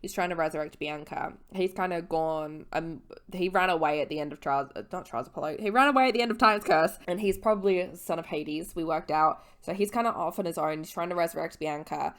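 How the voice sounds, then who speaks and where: A woman's voice: fairly low pitch, fast, few pauses, a bit bright. A young woman in her twenties, a little tipsy, giving a casual, rambling book recap as a vlogger, swearing and correcting her own slips.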